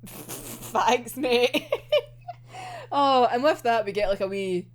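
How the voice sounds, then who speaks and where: Lively woman, laughing and swearing. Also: on the high side, very slow. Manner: laughs often, swears freely, acts out characters' lines. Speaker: anime episode reviewer. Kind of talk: casual recap and commentary.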